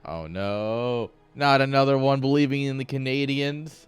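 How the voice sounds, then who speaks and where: A man's voice: medium pitch, fairly even intonation, measured pace, smooth, faint music behind. A man casting a game stream, chatting casually and teasing with lots of laughs. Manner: joking, teasing, laughs often. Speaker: esports caster.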